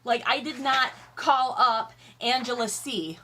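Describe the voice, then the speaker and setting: A woman's voice: on the high side, fairly even intonation, a little slow, pushed and bright, slight background noise. A tired woman vlogging from her home office, talking candidly and rambling with profanity and self-mocking jokes. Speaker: YouTube vlogger. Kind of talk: casual chatty vlog while eating.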